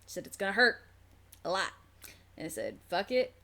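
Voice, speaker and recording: A woman's voice: on the low side, sing-song, brisk, creaky, pushed and bright. A young woman vlogger telling a story frankly, with lots of fillers and swearing, acting out what others said to her. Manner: candid, frank, swears freely, many fillers; acts out quoted nurses and herself. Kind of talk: casual storytelling.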